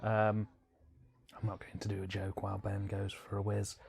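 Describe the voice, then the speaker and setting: A man's voice: on the low side, monotone, moderate pace, vocal fry, a little mellow, husky. A man co-hosting a casual film commentary, delivering dry, wry quips.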